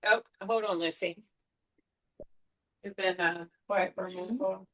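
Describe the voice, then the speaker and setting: A woman's voice: mid-range voice, steady tone, moderate pace, fairly bright tone, low-quality recording. A woman hosting a team meeting, giving brief, encouraging responses and passing the floor. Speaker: meeting host.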